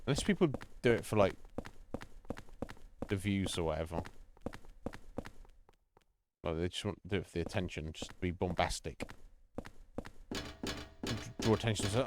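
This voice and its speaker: Sweary man, lively low voice. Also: normal speed, long pauses, slight background noise. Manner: rambling, swears often, laughs at himself. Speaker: streamer playing a horror game. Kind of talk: casual live gameplay chat.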